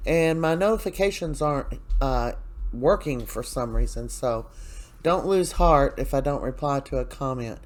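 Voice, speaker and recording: A soap opera recap host talks through an episode in a loose, casual, conversational way, chatty and opinionated. He often pauses for "uh" and "you know" and drifts into asides while telling the story. His voice sits at an ordinary middle pitch with lively intonation and a moderate pace.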